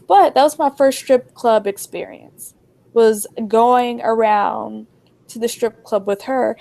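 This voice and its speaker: Gravelly-voiced young woman telling stories. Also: fairly high pitch, slow. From New Jersey. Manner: animated, acts out dialogue. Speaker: storyteller. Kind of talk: casual storytelling chat.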